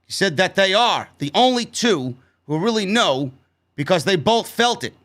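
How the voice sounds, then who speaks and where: A man's voice: high voice, very animated, moderate pace, fairly bright tone. A man hosting a wrestling show review, ranting heatedly and swearing constantly as he talks through the episode.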